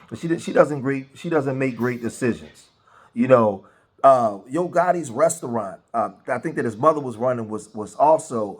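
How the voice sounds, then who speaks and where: A man hosting a casual commentary, talking in an animated way, restarting phrases and asking rhetorical questions. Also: mid-range voice. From grew up in a rough city neighborhood. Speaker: commentary host.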